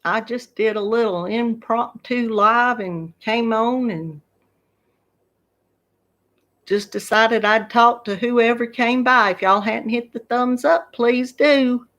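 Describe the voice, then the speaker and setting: A woman's voice: on the high side, slow pace, a bit bright. A grandmother in her fifties with a Southern US accent, chatting casually to viewers in a home live stream and laughing often. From Georgia, USA. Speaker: YouTube craft channel host.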